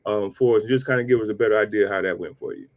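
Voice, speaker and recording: A man's voice: fairly low pitch, rapid-fire. A man hosting a podcast, asking a guest about his past in an easygoing way. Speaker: podcast host. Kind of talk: interview questions.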